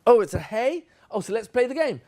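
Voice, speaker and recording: Animated man demonstrating a classroom lesson. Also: very high-pitched, a little fast. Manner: animated, playful, acts out classroom exchanges. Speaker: teacher trainer. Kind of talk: teacher training demonstration.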